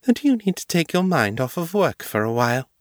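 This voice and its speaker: A man reading aloud and voicing a female vampire mistress who sounds commanding but gentle and purring. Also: on the high side, sing-song, a little fast, dry recording, studio quality, voice pushed up.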